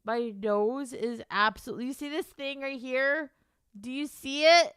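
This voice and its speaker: A woman's voice: high-pitched, steady tone, a little slow, fairly bright tone, clear, resonant tone, dry recording, clean studio sound. A young woman streaming casually to her chat, teary and stuffed up, laughing through her tears and swearing.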